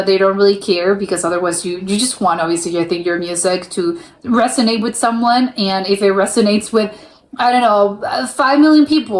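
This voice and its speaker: A young American woman hosting a reaction video, thinking aloud in casual chat with many restarts. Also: medium pitch. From United States. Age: young adult. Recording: roomy echo.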